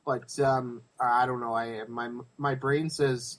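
A man's voice: mid-range voice, steady tone, measured pace, fairly bright tone. A man co-hosting a podcast in casual chat, enthusiastic and swearing freely. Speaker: podcast co-host.

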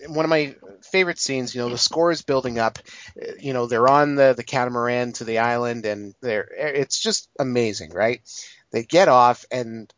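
A man's voice: medium pitch, normal speed, fairly bright tone, dry recording, muffled recording. A man in his late twenties giving a rambling, profane, casual movie review, full of fillers. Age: 20s. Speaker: film reviewer.

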